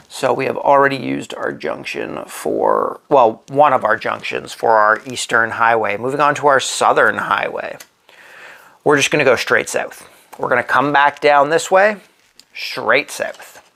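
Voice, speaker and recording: Placing pieces during a solo playthrough, this board game channel host thinks aloud at a slow pace. He has a medium-pitched voice with vocal fry and a sharp tone.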